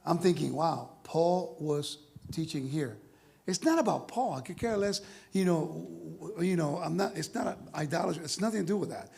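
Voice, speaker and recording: Animated high-voiced male Bible teacher. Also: fast talker, gravelly. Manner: lively, animated, asks the audience questions. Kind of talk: congregation teaching. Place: congregation hall.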